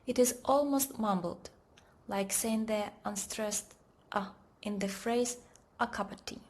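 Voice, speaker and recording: A woman narrating a pronunciation lesson in a measured, deliberate way, often trailing off into a whisper. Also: medium pitch, a little mellow. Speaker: language teacher. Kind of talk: slow scripted lesson narration.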